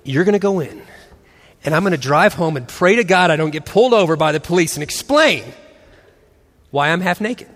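Animated man in his forties, high voice, long reverb, storytelling talk with acted voices. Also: brisk. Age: 40s. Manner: animated, acts out voices and laughs often. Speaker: christian speaker and husband.

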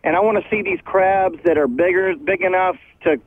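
A man's voice: sits high, brisk, slight background noise. A male musician calling in by phone from backstage at a concert, chatting enthusiastically and laughing easily while walking around. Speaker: touring musician, phone-in guest. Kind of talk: casual phone interview. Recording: tinny phone line.

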